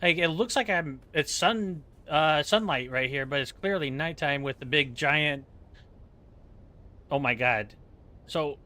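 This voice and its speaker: A male game streamer with a bright, fairly high voice that carries a keen, forward edge. He chats loosely and jokes at his own expense, wandering from one aside to the next. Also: a little slow. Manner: joking, rambling, self-mocking. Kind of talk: casual chat while playing.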